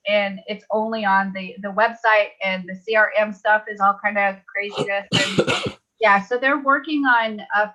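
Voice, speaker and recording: A woman's voice: medium pitch, bright, forceful tone, lo-fi sound. A woman leading a live online webinar tutorial, chatty and upbeat, laughing easily. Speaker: webinar trainer.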